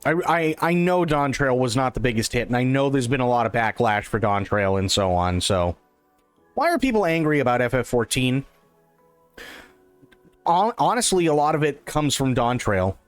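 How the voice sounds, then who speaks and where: A man's voice: mid-range voice, big pitch swings, moderate pace, clear, resonant tone, no echo, faint music behind. A man hosting a livestream, giving casual reaction commentary, repeating himself and stumbling over restarts. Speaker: livestream host reacting to an interview.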